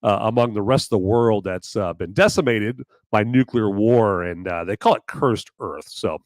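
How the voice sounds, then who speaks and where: A man hosting a live podcast, talking in a hoarse voice in a rambling, jokey way. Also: lowish voice, moderate pace, no echo. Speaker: podcast host. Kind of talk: live casual chat.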